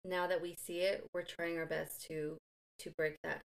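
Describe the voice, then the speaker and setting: A woman's voice: lowish voice, little pitch movement, moderate pace, vocal fry. A woman in her thirties chatting casually as a podcast co-host, telling her own stories and backing up her partner with short agreements. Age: 30s. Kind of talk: casual chat.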